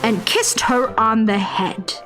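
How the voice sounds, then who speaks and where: A woman narrating a children's fairy tale in a playful, expressive voice, now and then dropping to a whisper for suspense. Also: fairly high pitch, takes it slowly, over music. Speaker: storyteller playing the fairy narrator. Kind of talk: scripted children's story narration.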